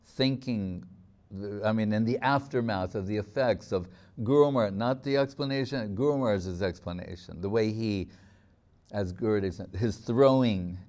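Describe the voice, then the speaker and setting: Mellow-voiced man giving a devotional talk. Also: lowish voice. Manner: reflective storytelling, slowing on key words, chuckling. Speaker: spiritual teacher.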